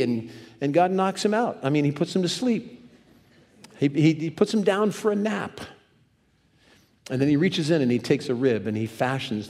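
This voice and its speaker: A man preaching a sermon to a congregation, telling stories with humor and lively asides. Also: mid-range voice. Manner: animated storyteller, jokes with the congregation. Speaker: pastor. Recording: long hall reverb.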